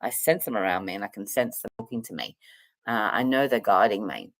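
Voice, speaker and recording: A woman's voice: rumbling low, animated, fairly quick, dry recording. A middle-aged woman, a psychic and counselor, talking in a rambling, casual vlog chat full of fillers and restarts.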